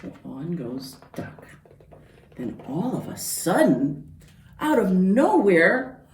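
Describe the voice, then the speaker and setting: Woman librarian, picture-book read-aloud, slow, lively pitch, roomy library from far off. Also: a little hiss or hum. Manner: animated, points at pictures. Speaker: children's librarian.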